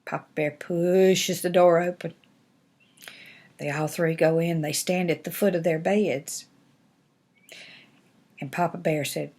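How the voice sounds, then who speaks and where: An older woman, a grandmother, telling a bedtime-style fairy tale to her grandchildren in a folksy, animated, homespun way. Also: low voice, a little slow, pauses often. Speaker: grandmother reading stories. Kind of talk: storytelling to grandchildren.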